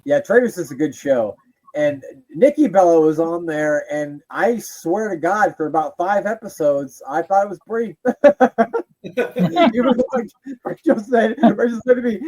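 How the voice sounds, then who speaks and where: A young man co-hosting a casual podcast, talking over wrestling footage with easy laughter and jokey asides. His voice is fairly high and mellow, and it swings around a lot in pitch. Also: measured pace, low-quality recording. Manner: laughing, joking, animated with crude impressions. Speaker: podcast co-host. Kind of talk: casual chat while watching wrestling.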